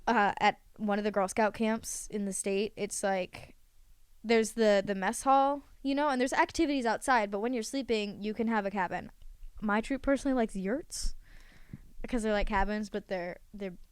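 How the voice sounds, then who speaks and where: A woman's voice: mid-range voice, normal speed, clean tone, dry recording. A teenage girl chatting casually on a podcast, rambling through long explanations with plenty of fillers and running short of breath. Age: teens. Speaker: podcast guest. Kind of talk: casual chat.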